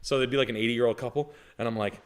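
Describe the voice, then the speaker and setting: A man's voice: mid-range voice, very fast. A man telling funny stories in casual chat, swearing a lot and acting out the people he quotes. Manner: animated, swears a lot, acts out quoted people in raised voices. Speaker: podcast co-host telling stories.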